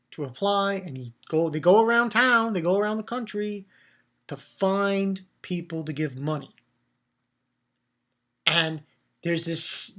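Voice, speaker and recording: A man giving a casual solo review, rambling in an animated way, swearing often and restarting his sentences. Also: high-pitched. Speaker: manga reviewer.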